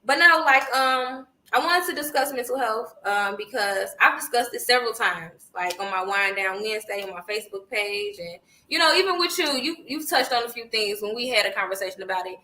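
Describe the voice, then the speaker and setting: A woman hosts a podcast with a bright, sharp-edged voice that sits a little high. She is chatty and hyped, swearing freely as she talks. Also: animated, brisk, few pauses, low-quality recording. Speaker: podcast host. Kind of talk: casual podcast chat.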